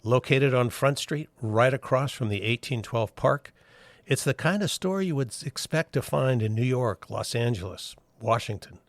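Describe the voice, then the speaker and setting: A man hosting a podcast, reading his lines in a measured way with a dry, wry humor. His voice sits at an ordinary middle pitch. It is recorded close up in a dead, dry space. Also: expressive, no room sound. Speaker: podcast host. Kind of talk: scripted intro and interview.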